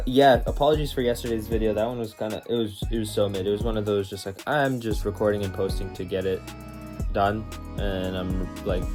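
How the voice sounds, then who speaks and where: In a somewhat low, slightly mellow voice, a man vlogs in a loose, rambling way. He cracks jokes with his viewers and motivates himself to get productive.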